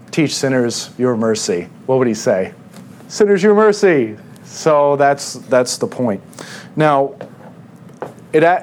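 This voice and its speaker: Male pastor, sermon, conversational, mid pitch, faint hiss behind. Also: a little mellow. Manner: conversational, asks the congregation questions.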